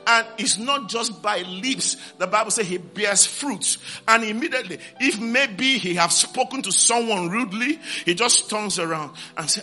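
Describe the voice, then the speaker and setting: A man's voice: sits high, expressive, normal speed, few pauses, pushed and bright, soft background music. A man preaching a sermon, repeating key words and calling out to his congregation for responses.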